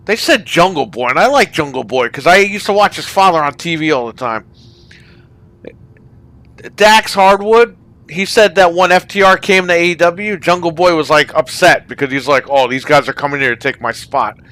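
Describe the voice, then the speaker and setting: A man's voice: high-pitched, lively intonation, moderate pace, bright, forceful tone, no echo. A man hosting a casual online gaming chat, ranting with heavy profanity. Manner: profane, ranting about wrestling. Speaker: podcast host.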